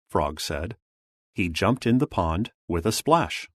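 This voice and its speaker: Man reading a kids' storybook, low voice, very slow, lively melody, dry close mic. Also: dry recording. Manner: slow, clear, expressive. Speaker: storybook reader.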